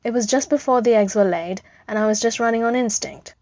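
A woman's voice: a little high, fairly quick, a little mellow, dry recording, pitched above the performer's own voice. Woman voicing an earnest, sheepish man. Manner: earnest, apologetic. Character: earnest, sheepish young man, new parent. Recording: dull lo-fi recording.

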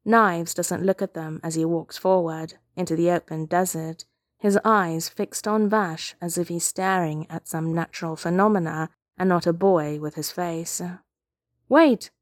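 A woman reading fiction aloud as narrator, with calm, steady storytelling. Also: on the low side, moderate pace, no echo, clean studio sound.

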